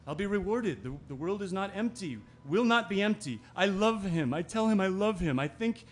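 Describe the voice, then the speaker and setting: A man's voice: sits high, lively intonation, moderate pace. An actor playing an anxious man, speaking an inner monologue that turns brooding and angry. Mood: tender. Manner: brooding, bursts into anger. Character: anxious man whose partner is ill. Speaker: Ben's partner. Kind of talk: audio drama acting, inner monologue.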